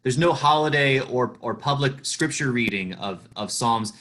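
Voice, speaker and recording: A man who is a cantor explains scripture chant marks in a class discussion over a video call, pausing and restarting as he thinks. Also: mid-range voice, fairly bright tone. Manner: thoughtful, halting with restarts.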